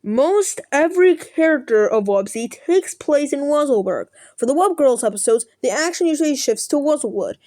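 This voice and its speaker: A woman's voice: high voice, animated, moderate pace, few pauses, mellow, no room sound. A young woman reading a snarky article aloud, sarcastic and profane, sometimes tripping over words. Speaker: content creator.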